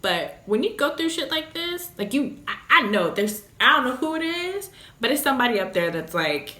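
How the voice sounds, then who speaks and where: A woman's voice: high voice, very animated, normal speed, sharp tone. A young woman talking candidly in a casual vlog, blunt, emotional and full of swearing. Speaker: vlogger, new mother. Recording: echoey room.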